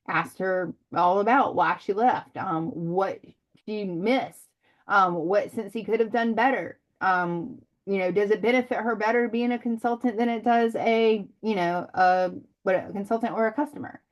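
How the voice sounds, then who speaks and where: A woman's voice: medium pitch, moderate pace. Chatty rambling woman leading a sales meeting. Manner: rambling, chatty, many ums. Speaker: direct sales team leader. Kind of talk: casual team meeting talk.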